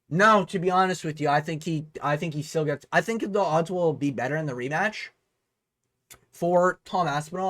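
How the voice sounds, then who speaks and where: A man's voice: a little high, a bit bright, dry recording. A man hosting a vlog breakdown of a fight card, ranting heatedly with plenty of swearing. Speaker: host.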